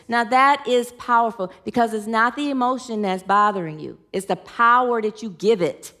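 Woman giving a sermon, high bright voice, earnest, gets animated telling stories. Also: fairly quick, hardly any pauses. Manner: earnest, leads the group in affirmations. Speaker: spiritual teacher.

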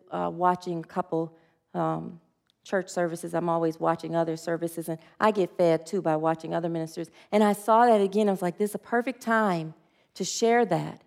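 A woman teaching a spiritual sermon, earnest and encouraging, leading the group in spoken affirmations and often restarting her sentences. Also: medium pitch. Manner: earnest, leads call-and-response affirmations, frequent restarts.

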